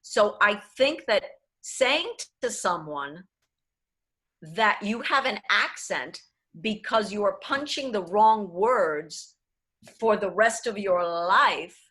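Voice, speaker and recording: A woman's voice: mid-range voice, expressive, extremely slow, long pauses, a bit bright. A woman, an acting and diction coach answering questions in an online workshop, slipping between English and with emphatic phrasing. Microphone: video call.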